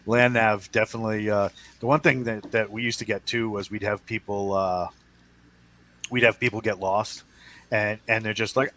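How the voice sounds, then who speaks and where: A man's voice: lowish voice, fairly even intonation, moderate pace, bright, forceful tone. A man on a podcast panel, chatting casually from home, telling stories with frequent laughs and lots of "uh" fillers. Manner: laughs often, many fillers, storyteller. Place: at home, wife in next room.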